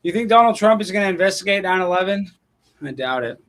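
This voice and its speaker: A man's voice: high-pitched, quick pace. A man hosting a late-night call-in live stream, ranting sarcastically and thinking aloud as he takes callers. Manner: animated, sarcastic ranting, thinking aloud while searching online. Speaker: call-in show host. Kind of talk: casual live-stream talk.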